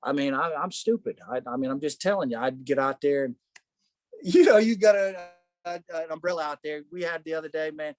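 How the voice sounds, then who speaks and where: A man leading a casual Bible study, animated, asking rhetorical questions and saying "man" a lot. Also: on the high side, fast talker, hardly any pauses, dry recording.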